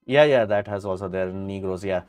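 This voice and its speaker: A man's voice: deep voice, fairly quick, a little mellow, clean tone. A middle-aged man, hosting a casual live stream and answering viewer questions in a blunt, rambling way full of fillers.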